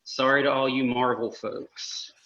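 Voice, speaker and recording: A man hosting a casual movie podcast, joking and recapping plots with quick asides. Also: mid-range voice, flat delivery, bright, forceful tone, muffled recording. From United States. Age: older than the other hosts. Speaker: podcast host.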